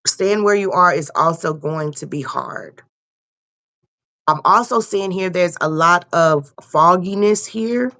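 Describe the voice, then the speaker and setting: A woman's voice: on the low side, takes it slowly, fairly bright tone. A young woman giving a loose, casual tarot reading and repeating herself often. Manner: loose, repetitive, swears casually. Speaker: tarot reader.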